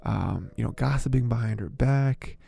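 A man's voice: mid-range voice, normal speed, creaky, mellow, husky. A young man hosting a podcast, talking in a rambling, filler-heavy, exasperated way. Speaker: podcast host. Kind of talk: casual commentary.

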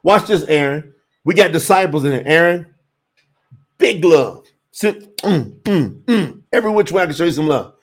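A man's voice: a little high, slightly rough. A man from the United States hosting a livestream, teaching Hebrew scripture and answering the chat, with stretched-out emphasis. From USA. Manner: animated, drawn-out emphasis, addresses chat as y'all.

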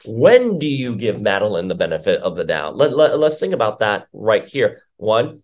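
A man's voice: fairly low pitch, very animated, moderate pace, a little mellow. A man giving casual, opinionated commentary as a comic book reviewer, rambling with filler words.

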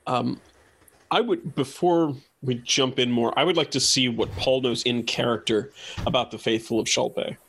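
A man chatting as a player in a tabletop role-playing game, halting and often correcting himself. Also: mid-range voice, fairly even intonation, fairly bright tone, slightly rough. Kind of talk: casual tabletop game chat.

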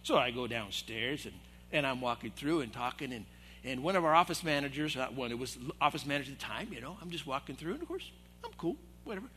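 A man's voice: mid-range voice, fast talker, slight background noise. A middle-aged man, an assistant pastor, telling a story in a sermon and acting out the voices of the people in it. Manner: animated, acts out quoted voices. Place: church hall.

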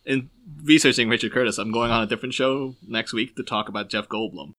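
A chatty man in his thirties with a softened Irish accent mixed with English tones. His voice is bright and forward, and he keeps slipping into playful quoted lines and laughing as he talks podcast-style. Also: mid-range voice, fairly even intonation, quick pace. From Ireland. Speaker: podcast co-host. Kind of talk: casual podcast chat.

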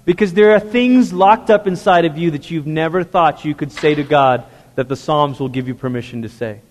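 A man's voice: high-pitched, lively intonation, brisk. A male pastor preaching a sermon to a congregation in a church, speaking earnestly and conversationally, often asking the listeners direct questions. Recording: long reverb of a large hall.

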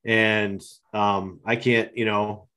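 A man's voice: fairly low pitch, flat delivery, takes it slowly, sharp tone. A man hosting a casual podcast chat, agreeing often and filling with "you know" and "right".

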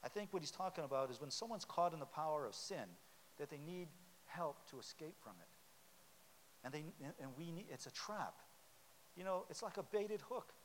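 Long hall reverb and faint hiss surround a pastor preaching in a church sanctuary. His voice is fairly high with lively intonation at a normal speed, and he chats conversationally while quizzing the congregation.

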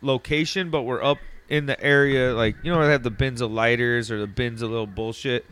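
A man's voice: mid-range voice, brisk, clear, resonant tone. A young man casually telling a story on a podcast, swearing often and laughing as he goes. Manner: profane, laughing, animated retelling.

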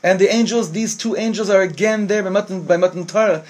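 Husky, impassioned man teaching Torah. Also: sits high, quick pace, few pauses, a little mellow. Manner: impassioned, mixes Hebrew phrases, acts out angel voices. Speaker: rabbi teaching. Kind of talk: Torah class sermon.

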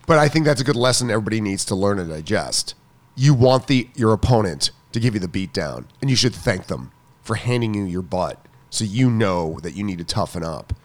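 A man's voice: fairly low pitch, expressive, a little fast. A man co-hosting a casual chat about tennis coaching, enthusiastic and emphatic, often repeating himself for stress.

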